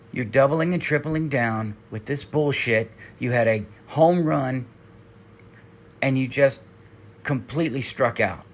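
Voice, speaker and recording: A man's voice: mid-range voice, a little hiss or hum. A man hosting a commentary vlog, ranting in a heated, exasperated and profane way. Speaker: commentary channel host. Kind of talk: angry commentary rant.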